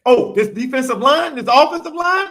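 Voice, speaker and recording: Animated, high-voiced sports podcast host. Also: male voice, normal speed. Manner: emphatic, repeats phrases for effect, pleading and preachy.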